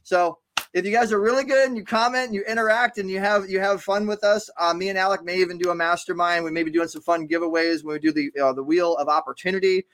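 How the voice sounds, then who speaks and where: A man's voice: high-pitched, fairly even intonation, fast, fairly bright tone. A man hosting a live online interview show, upbeat and chatty, often repeating words as he talks. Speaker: show host.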